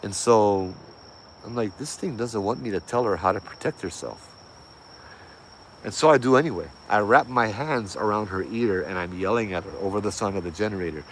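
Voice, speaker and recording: A man tells a ghost story in a casual, laid-back way, full of slang and fillers. His voice sits a little low. Faint crickets and insects chirp behind him. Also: moderate pace, a little hiss or hum. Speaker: host telling a ghost story.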